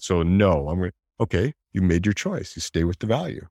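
A man talking in a reflective conversation, animated, acting out inner voices and laughing often. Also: low-pitched, fairly quick, dry recording, clean studio sound.

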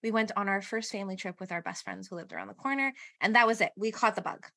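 Woman guest, bright and upbeat, chatty storyteller. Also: mid-range voice, fast, vocal fry. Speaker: podcast guest. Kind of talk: casual chat.

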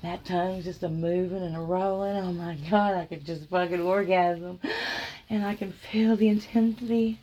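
A woman narrating an explicit erotic story in a slow, breathy, sultry way. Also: mid-range voice, fairly even intonation, highs cut off.

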